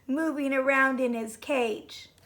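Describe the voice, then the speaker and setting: A woman voicing a sensible highlighter in a storybook reading, reasoning in a matter-of-fact way. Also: steady tone, slow, fairly bright tone. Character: sensible highlighter, calm know-it-all.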